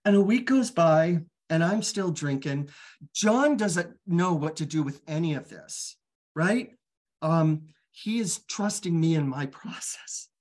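A man's voice: on the high side, animated, darkish tone. Guy telling his own story, keeps stumbling and repeating words, earnest, open. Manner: halting, repeats words and restarts often. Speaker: guest sharing his recovery story. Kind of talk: candid personal storytelling.

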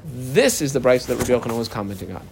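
Animated man teaching a Talmud page. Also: medium pitch, racing, creaky, soft background music. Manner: animated, mixes Aramaic reading with casual English explanation. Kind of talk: Talmud lesson, reading and explaining a page.

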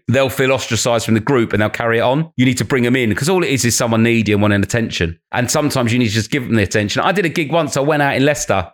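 A man with a London accent chats as a guest comedian. He talks quickly, with a medium-pitched voice. He tells animated stories and acts out heckles by jumping into higher, louder voices. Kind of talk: casual podcast chat.

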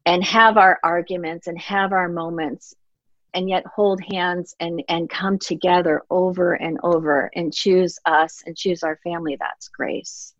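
A woman's voice: on the low side, fairly even intonation, a little slow, a bit bright, dry recording. Middle-aged woman telling her story in an interview, heartfelt and earnest, dry muffled audio. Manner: earnest and heartfelt, reenacts her own past words. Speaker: author guest. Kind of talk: reflective interview talk.

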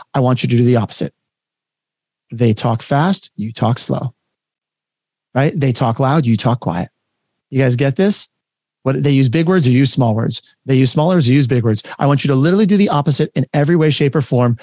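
A man coaching a workshop over a video call, talking in an energetic, conversational and emphatic way. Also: mid-range voice, dry recording, clean studio sound. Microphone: webcam setup, facing camera.

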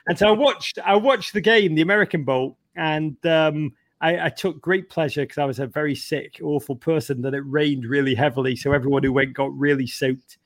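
Animated English man telling a story. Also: fairly high pitch, brisk, hardly any pauses. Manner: animated, swearing, acts out voices. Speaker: podcast guest. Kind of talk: storytelling in conversation.

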